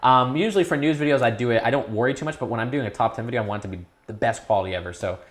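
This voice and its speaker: A young man in his teens talking casually as an interview guest, rambling with restarts and perking up when excited. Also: mid-range voice, rapid-fire. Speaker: YouTube creator, guest.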